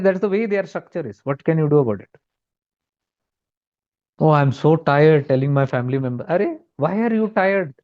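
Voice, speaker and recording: A man's voice: a little high, highs cut off. A man with an Indian accent giving a spiritual talk as a teacher, emphatic and repetitive, slipping Hindi words into his English. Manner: emphatic, repeats key points, mixes in Hindi words.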